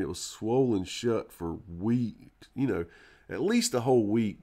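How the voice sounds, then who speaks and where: Guy rambling through a story on a live stream, kinda low voice, lots of uh and you know. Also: darkish tone. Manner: rambling, with many fillers and restarts. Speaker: live stream co-host or guest.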